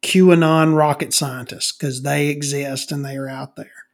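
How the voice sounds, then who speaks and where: A man's voice: a little high, steady tone, measured pace. A middle-aged man on a comedy podcast, ranting and rambling with constant swearing and many restarts.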